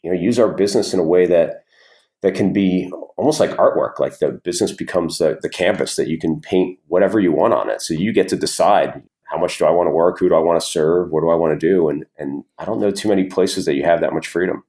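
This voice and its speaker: A man being interviewed as a guest entrepreneur, telling stories in a relaxed, rambling way with many fillers and restarts. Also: sits low, fast. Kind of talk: casual interview storytelling.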